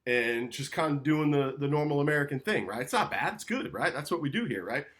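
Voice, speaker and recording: Man, podcast guest, casual, animated storyteller who acts out dialogue. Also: on the high side, brisk. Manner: animated storyteller, acting out quotes, frequent "right?" and "like".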